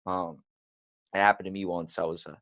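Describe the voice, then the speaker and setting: A man hosting a podcast, telling stories in a lively, casual way and swearing freely. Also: low-pitched, brisk, no echo. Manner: animated storyteller, swears freely. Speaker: podcast host. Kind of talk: casual chat.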